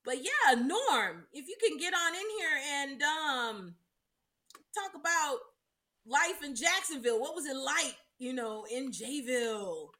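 Bright, lively woman from South Florida. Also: high voice, unhurried. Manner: animated, acts out quotes, laughs often. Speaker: podcast co-host. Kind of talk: casual reminiscing chat.

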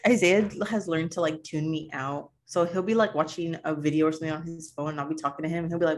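A woman's voice: deep voice, a little fast. A woman chatting casually on a podcast, slangy and blunt, swearing and laughing. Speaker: podcast co-host. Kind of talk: casual chat.

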